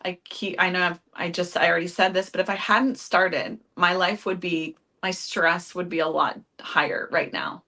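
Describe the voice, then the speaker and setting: A woman's voice: on the low side, steady tone, moderate pace, few pauses, pushed and bright. A woman guest on an interview podcast, talking in a chatty way with frequent laughs and restarts. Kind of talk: casual interview chat.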